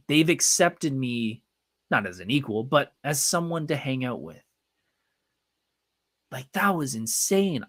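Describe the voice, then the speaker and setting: A man's voice: mid-range voice, fairly bright tone, no echo. A man in his thirties hosting a live podcast, telling a personal story earnestly and acting out the conversations. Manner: earnest, retells with quoted dialogue. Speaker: podcast host. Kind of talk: live-streamed storytelling monologue. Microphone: desk microphone, live stream.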